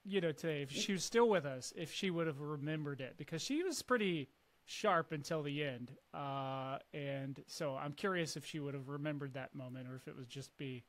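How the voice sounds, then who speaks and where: A man's voice: a little high, normal speed. A man hosting a casual interview, responding to his guest with affirmations and thinking aloud. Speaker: podcast host.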